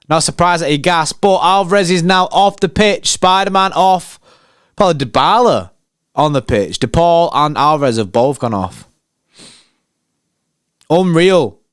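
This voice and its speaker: A man hosting a live match watchalong, excitable and slangy as he chats with viewers. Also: a little high, dry recording, clean studio sound. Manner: excitable, slangy, banter with chat. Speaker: fan channel host.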